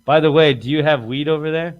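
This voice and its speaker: A man hosting a casual comedy podcast, rambling and crude, acting out quotes in lively voices. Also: a little high, fast, muffled recording. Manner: rambling, profane, acts out quotes in animated voices. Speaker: podcast host.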